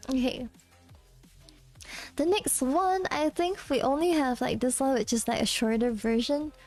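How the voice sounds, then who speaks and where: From her room at home, a female VTuber chats loosely with viewers between karaoke numbers, giggling and tossing off quick asides while reading chat. Her voice is high with a darkish tone, and soft music plays in the background.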